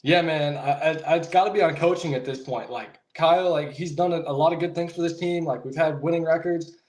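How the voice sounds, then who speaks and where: Male caller, frustrated rant, slangy, a bit high voice, roomy echo. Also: brisk, a little mellow. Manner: ranting, frustrated, casual slang. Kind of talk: fired-up fan rant.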